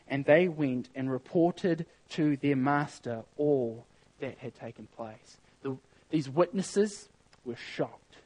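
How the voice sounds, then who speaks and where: A man delivering a sermon with an earnest, emphatic manner. His voice sits a bit higher than most men's, and he reads scripture aloud, circling back on words as he presses each point. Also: darkish tone, poor audio. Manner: earnest, emphatic, with reading of scripture and repeated phrases. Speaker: preacher.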